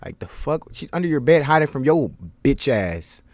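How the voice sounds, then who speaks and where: Give me a young man reacting live to a documentary, swinging his voice up and down, cursing freely and stuttering through restarts. He sits slightly higher than most men. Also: normal speed, no echo. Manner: excitable, profane, stammering restarts.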